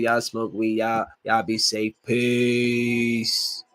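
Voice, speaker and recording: A man's voice: medium pitch, very slow. A man hosting his own podcast, ranting casually with many fillers and repeated phrases. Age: adult with kids. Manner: animated, repeats himself, lots of "like" fillers. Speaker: podcast host. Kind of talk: solo casual podcast rant.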